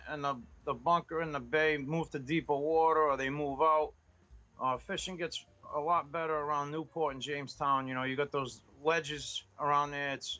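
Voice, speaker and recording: A man from Rhode Island talks fishing as a livestream guest. He speaks haltingly and uses many fillers. His fairly high voice sounds bright, and faint music plays behind him. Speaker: guest surf fisherman. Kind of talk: casual livestream chat.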